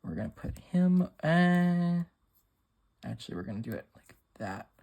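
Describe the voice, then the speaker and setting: A man's voice: medium pitch, very animated, quick pace, gravelly, mellow, slightly rough. Man, craft tutorial, jokey asides, casual talk. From Massachusetts. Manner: playful, jokey, chatty asides. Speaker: craft demonstrator on a design team.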